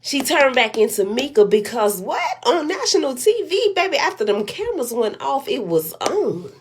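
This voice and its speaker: A woman's voice: high voice, lively intonation, normal speed, breathy edge. A woman giving casual reaction commentary in a sassy, storytelling manner, calling the listener "baby".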